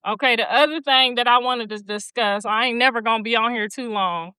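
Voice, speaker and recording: A woman's voice: fairly high pitch, brisk, sharp tone, clean tone, dry recording. A woman hosting a livestream, telling stories bluntly with plenty of profanity and preachy asides, and reading viewer comments aloud. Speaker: livestream host. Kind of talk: casual livestream chat.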